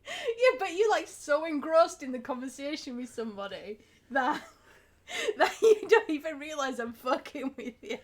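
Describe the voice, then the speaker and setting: A woman's voice: sits high, very animated, moderate pace. A woman with a Yorkshire accent, talking casually on a podcast, chatty and laughing often, with the odd swear word. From Yorkshire, England. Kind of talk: casual chat.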